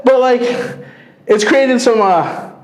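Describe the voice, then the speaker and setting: A man performing a stand-up comedy set, animated, landing dry punchlines and slipping into quick quoted voices. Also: very high-pitched, heavy background noise. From Mexican-American family. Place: comedy club stage with a live audience. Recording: roomy club sound with crowd laughter.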